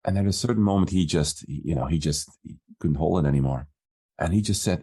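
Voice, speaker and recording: Brief: low-pitched male business coach, relaxed podcast storyteller who voices the quoted dialogue. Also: fairly quick, slightly rough.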